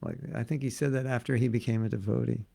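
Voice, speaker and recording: Guy giving a laid back spiritual class, super gravelly, lots of jokes. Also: mid-range voice, steady tone, quick pace, mellow. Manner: joking, conversational, repeats for emphasis. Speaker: spiritual teacher. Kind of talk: casual devotional class.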